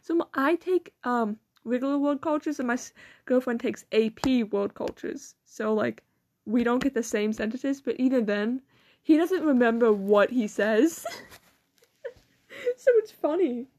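Teenage girl, high-pitched, casual rambling chat, giggly. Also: unhurried, a little mellow. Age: teens. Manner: rambling, giggly, quotes people in mocking voices. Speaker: student vlogger.

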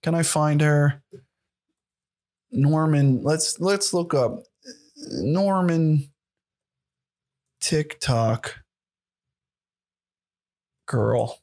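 Young male podcaster, solo monologue, slightly high voice, sarcastic and profane. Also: very slow, long pauses, darkish tone. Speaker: podcast host.

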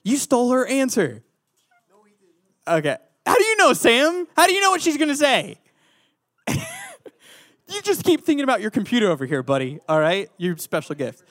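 A man's voice: very high-pitched, huge pitch swings, moderate pace, pauses often, a bit bright, dry recording, studio quality. A man preaching a youth sermon, playful and teasing the audience. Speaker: youth pastor.

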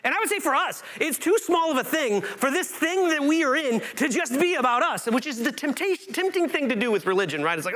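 A man preaching a sermon as pastor, animated and self-interrupting, climbing to emphatic peaks. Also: very high-pitched, brisk.

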